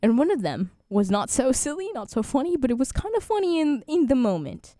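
A woman's voice: sits high, sing-song, a little fast, dark tone, no room sound, clean studio sound. Chatty twenty-year-old woman radio host. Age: 20s. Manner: chatty, rambling, laughs often. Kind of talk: casual radio chat.

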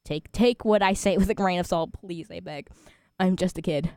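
A woman's voice: on the low side, moderate pace, a little mellow, no echo, clean studio sound. A twenty-year-old woman hosting a student radio show, chatting casually and rambling with frequent laughs. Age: 20s.

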